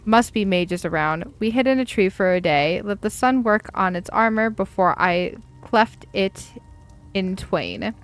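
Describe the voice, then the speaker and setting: A woman voicing a boastful male warrior who reads his letter slowly and grandly in a fantasy game. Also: medium pitch, clear, resonant tone, faint music behind, close to an everyday voice. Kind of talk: reading a game letter aloud.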